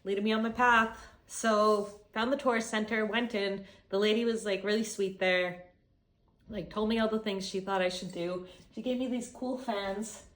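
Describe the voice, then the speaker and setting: A young woman from Canada, mid-range in pitch with fairly even intonation and a moderate pace, shares a travel story in her chatty vlog. She swears freely and plays out people's lines with animation.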